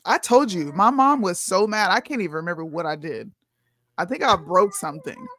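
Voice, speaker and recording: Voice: mid-range voice, very animated, fairly quick, pushed and bright, dry recording. Blunt co-host in frank talk. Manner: blunt, frank, says "bro". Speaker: podcast co-host. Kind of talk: casual chat.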